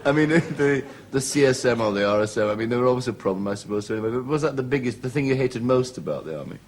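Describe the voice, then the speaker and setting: A man's voice: medium pitch, lively intonation, quick pace. A man hosting a talk show, interviewing a guest with probing, prompting questions in a television studio. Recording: TV studio with audience noise.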